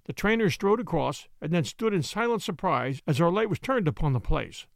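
A man narrating a classic detective story with measured storytelling. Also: a little high, lively intonation, creaky, no echo, clean studio sound. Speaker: audiobook narrator. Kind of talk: scripted narration.

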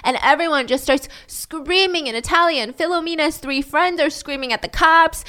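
A woman's voice: high voice, expressive, normal speed, hardly any pauses, fairly bright tone. A woman recounting a true-crime story in a casual, chatty way, full of "like" fillers.

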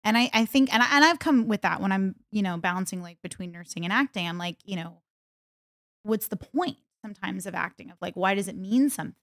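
Gravelly-voiced woman co-host. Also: medium pitch, lively intonation, a bit bright, no echo, studio quality. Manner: rambling, self-deprecating, quick to laugh. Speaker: podcast co-host. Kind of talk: casual podcast chat.

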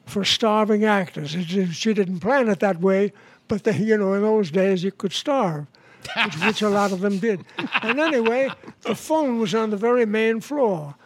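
Chuckling old New man, halting. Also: high-pitched, a little hiss or hum. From New York City. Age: 90s. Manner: halting, chuckling storyteller with many restarts. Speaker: guest, veteran actor-comedian. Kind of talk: casual anecdotes in an interview. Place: his home.

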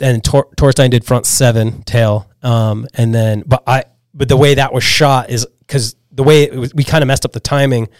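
A man from Pennsylvania telling a story as a podcast guest, animated and full of "like"s and restarts. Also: mid-range voice, dry recording. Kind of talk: casual storytelling chat.

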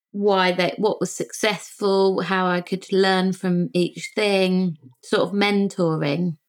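A woman, a singer and podcast guest, telling lively stories in casual chat and acting out the voices of the people in them. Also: mid-range voice. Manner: animated, acts out quoted voices.

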